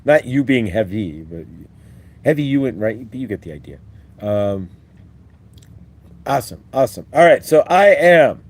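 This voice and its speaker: A man's voice: medium pitch, big pitch swings, a little slow, pauses often. A man hosting a live-stream spiritual talk, rambling and upbeat as he leads repeat-after-me affirmations. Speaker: host.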